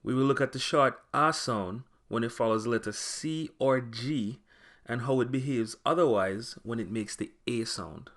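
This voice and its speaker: Deliberate man teaching a lesson. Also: medium pitch, fairly bright tone. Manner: clear, deliberate, slows down to spell out example words. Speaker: language teacher. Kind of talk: scripted lesson narration.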